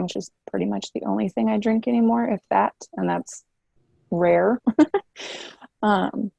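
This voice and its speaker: A woman's voice: mid-range voice, creaky, dark tone, dry recording. A woman in her twenties, a guest telling her story candidly in a chatty way, with many fillers. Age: 20s. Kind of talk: casual interview chat.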